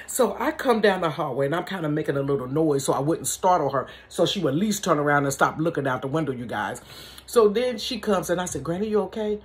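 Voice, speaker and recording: Woman storyteller, casual vlog, lowish voice, very lively pitch. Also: fast talker. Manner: animated, chatty, addresses viewers as y'all and honey. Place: bedroom.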